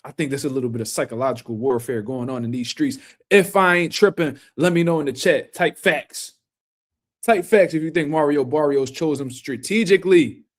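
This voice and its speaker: A man's voice: on the high side, darkish tone. A man hosting a casual boxing livestream, talking loosely in slang and speaking to viewers in the chat.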